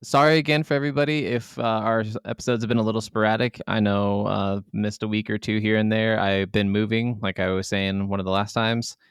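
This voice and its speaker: A man's voice: on the low side, flat delivery, brisk, few pauses, clear, resonant tone, dry recording, clean studio sound. A man co-hosting a casual gaming podcast from a home setup, rambling and profane in a laid-back way. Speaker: podcast co-host.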